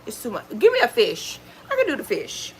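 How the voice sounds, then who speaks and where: A woman chats at home, telling her stories in a lively, exclaiming vlog style. Her voice sits a little high. A faint hiss runs under the recording. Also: fairly quick. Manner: animated, exclaiming, dramatic retelling. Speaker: lifestyle vlogger. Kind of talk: casual storytelling chat.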